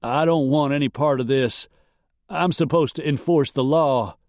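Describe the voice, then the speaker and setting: A man's voice: on the high side, big pitch swings, takes it slowly, no echo, voice pushed up. A jittery small-town sheriff barks strained orders in a raised, tense voice, as a man puts him on. It is a western audiobook read dry and close. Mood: strained commanding. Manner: loud, strained commands. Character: nervous middle-aged male small-town sheriff.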